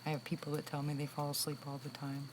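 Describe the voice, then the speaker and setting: An older woman in her sixties with a notably low voice, chatting casually with her livestream viewers. She tells stories in a relaxed, talkative way and laughs often. A faint hiss of background noise sits under her voice. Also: fast talker. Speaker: livestream host. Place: room with a loud air conditioner.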